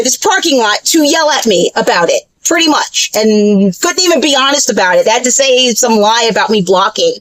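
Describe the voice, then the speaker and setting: A woman's voice: high-pitched, fairly bright tone, no room sound, low-quality recording. A woman telling a story in a casual, profane rant full of fillers and restarts. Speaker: vlogger.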